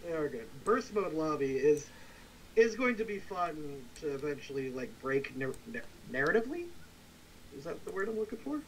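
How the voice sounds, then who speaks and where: A man acting as game master on a relaxed livestream, chatting casually, thinking aloud and reading out chat messages. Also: on the high side, moderate pace, a little hiss or hum, rough recording.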